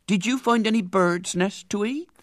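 A man voicing a deluded red-headed man who speaks slowly and majestically. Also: high-pitched, no echo, clean studio sound, voice pushed up, close to an everyday voice. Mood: majestic. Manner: slow, majestic.

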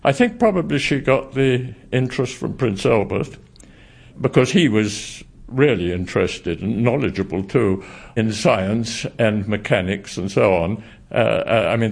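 A man's voice: lowish voice, creaky. A man, a historian, answering interview questions in a thoughtful, formal, slightly hesitant way.

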